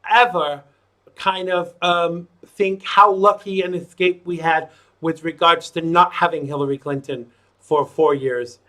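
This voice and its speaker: A man's voice: on the high side, steady tone, a little slow, bright, forceful tone. A man hosting a talk show, chatting in a brash, mocking and blunt way. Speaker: host. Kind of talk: casual political talk show chat.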